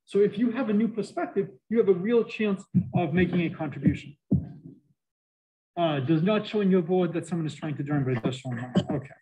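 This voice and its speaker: A middle-aged man with a Boston accent giving a university math lecture, animated and joking with students, his voice muffled by a face mask. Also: high voice, fairly quick. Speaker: math professor.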